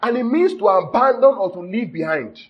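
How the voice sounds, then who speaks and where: A man's voice: high-pitched, sing-song, moderate pace, slightly rough. A man preaching a sermon, teaching word by word and often asking the audience if they are following. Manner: checks in with the audience often, jokes and laughs. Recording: dull lo-fi sound.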